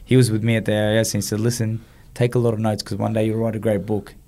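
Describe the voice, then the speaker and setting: A man recounts a personal story as an interview guest. His voice sits a little low, and he brings his story to life by acting out what people said. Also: fast talker. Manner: animated storyteller, acts out quoted dialogue. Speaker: guest, former boxer.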